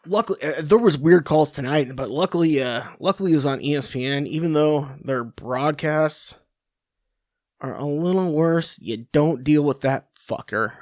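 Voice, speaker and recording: Sitting in his home office, a man on a sports podcast rants with crude sarcasm into his computer mic at a normal pace. His pitch is on the high side, and the audio is clean, studio-like and echo-free.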